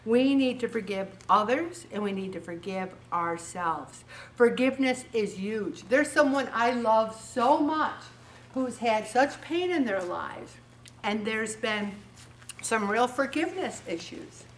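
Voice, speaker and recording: A woman's voice: on the high side, expressive, unhurried, distant mic, slight background noise. A woman giving an earnest, chipper faith talk to a support group, acting out the quotes she tells. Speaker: faith-based weight loss group speaker.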